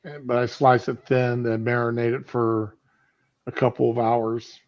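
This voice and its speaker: A man's voice: medium pitch, level tone, unhurried. A man chatting casually on a stream, rambling with fillers as he talks about cooking and home life. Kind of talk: casual chat. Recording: lo-fi stream audio.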